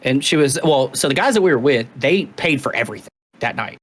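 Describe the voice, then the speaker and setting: A man co-hosting a podcast, telling a story in casual chat with plenty of swearing and animated asides. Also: mid-range voice, fairly quick, slightly rough. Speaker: podcast co-host.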